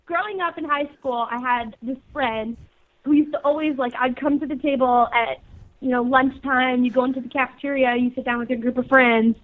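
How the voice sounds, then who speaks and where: High-voiced Canadian woman on a phone line. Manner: energetic, slangy, laughs easily. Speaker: co-host. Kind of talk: casual radio chat.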